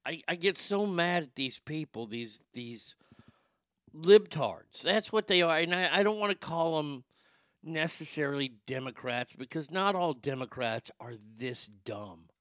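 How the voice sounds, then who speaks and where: A man's voice: a little high, expressive, a little slow, a bit bright, no room sound, clean studio sound. A man hosting a vlog, ranting in a crude, opinionated monologue and stammering over his words. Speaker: vlog host.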